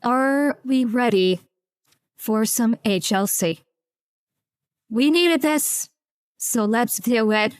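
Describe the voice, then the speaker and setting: A woman streamer reacts live, giggling and flustered as she thanks her chat. Her voice is high and her talk is slow and drawn out. The mic is close and dry. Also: lively intonation, clean tone, dry recording.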